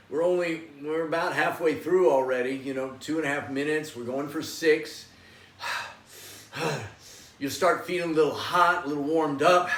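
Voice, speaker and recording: A man teaching a yoga and meditation class, coaxing listeners to join him in loud, forceful chanting. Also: fairly high pitch. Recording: echoey room, voice from a distance.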